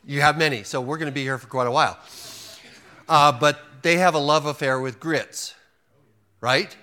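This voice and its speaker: A man's voice: fairly high pitch, normal speed, bright, forceful tone. Folksy joking male preacher. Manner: folksy and joking, acts out quotes, frequent restarts. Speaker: pastor. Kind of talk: sermon.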